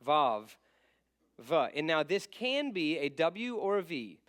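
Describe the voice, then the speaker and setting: Casual male teacher, a touch high-pitched, rambles and self-corrects, drills letter sounds by repeating them. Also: big pitch swings, a little slow, fairly bright tone. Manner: rambling, self-correcting, thinks aloud with many fillers. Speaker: church Bible class teacher.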